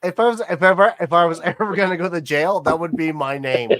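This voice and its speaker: A man cracking jokes on a live stream with a slightly high voice. He is quick with a wisecrack. The talk stays loose and casual. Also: fairly bright tone. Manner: playful, wisecracking. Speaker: guest on a live beer stream. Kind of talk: casual chat.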